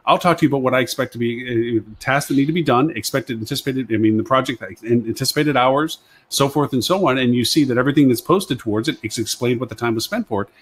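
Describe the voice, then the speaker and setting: A man's voice: mid-range voice, fast, few pauses, slightly rough. A man on a live web panel show, chatting casually and rambling, often repeating himself and retelling conversations. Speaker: agency consultant and show panelist.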